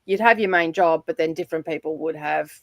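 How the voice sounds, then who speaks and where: A woman's voice: sits low, brisk, dry recording. A middle-aged Australian woman in casual chat on a livestream, rambling and chatty, with lots of fillers and frequent laughter. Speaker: livestream guest.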